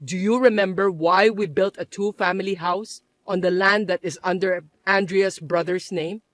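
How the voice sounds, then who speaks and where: A woman voicing a calm, level-headed grown son who speaks patiently and quietly. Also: moderate pace, no echo, natural voice. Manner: calm, patient, lower and softer.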